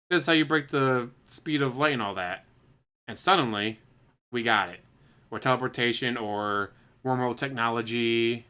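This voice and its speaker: Man, bright mid voice, casual speculative rambling, relaxed chat. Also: mid-range voice, normal speed. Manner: speculative, musing, chuckling asides.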